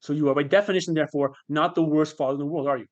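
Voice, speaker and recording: A man's voice: fairly high pitch, fairly even intonation, lo-fi sound, close to an everyday voice. A man voicing his own sarcastic, mocking inner voice that fires needling questions at him. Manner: needling, rapid-fire interrogating questions. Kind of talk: acted quote in a podcast interview.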